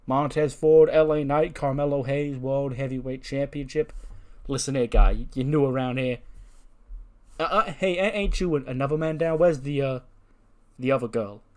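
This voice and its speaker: A man's voice: mid-range voice, moderate pace, darkish tone, lightly acted. A man voicing a cocky male wrestler who brashly taunts a rival, stumbling over his words. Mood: taunting. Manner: brash, stammering trash talk.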